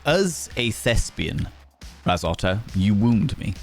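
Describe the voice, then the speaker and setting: This time the Yorkshire-accented English livestream host sounds fairly low, slow, a little mellow, yet very animated, playfully teasing viewers as he reads their messages and hailing them as cheeky devils. Faint music plays behind him.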